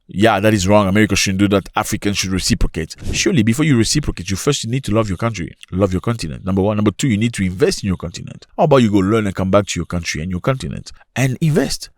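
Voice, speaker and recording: A man hosting opinionated commentary, talking in an animated way with rhetorical questions and sudden jumps in pitch. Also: dry recording. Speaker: commentary channel host.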